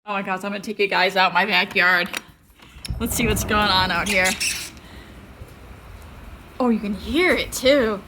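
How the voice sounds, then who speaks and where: A woman vlogging casually at home with a handheld camera, chatty and quick to laugh. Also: medium pitch, sharp tone, slight background noise. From Southern United States. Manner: chatty, laughs often, coos at pets. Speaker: vlogger, mom. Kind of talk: casual vlog chat. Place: home and snowy backyard.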